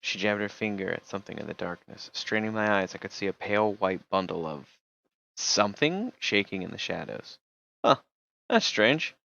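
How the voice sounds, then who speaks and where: A man's voice: fairly low pitch, lively intonation, moderate pace, creaky, sharp tone, muffled recording. A man streaming, reading a text game aloud and casually remarking between passages. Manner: casual, reads narration then remarks.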